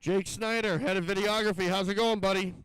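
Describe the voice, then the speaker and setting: Friendly high-voiced male co-announcer. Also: fairly even intonation, fairly quick, fairly bright tone, rough recording. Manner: friendly, chatty, calls out names. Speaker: event co-announcer. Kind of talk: live event commentary.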